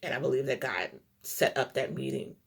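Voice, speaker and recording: A middle-aged woman giving a heartfelt devotional talk, in short halting phrases full of "like" and "um". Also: rumbling low, gravelly, husky. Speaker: Christian vlogger. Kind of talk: casual devotional talk to camera.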